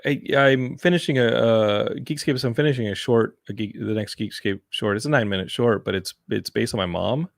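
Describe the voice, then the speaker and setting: A man hosting a casual podcast chat, telling animated stories about his family and film sets. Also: lowish voice, fairly quick, vocal fry, hardly any pauses, no room sound, studio quality. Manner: animated storyteller, mimics his mom. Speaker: podcast host and filmmaker.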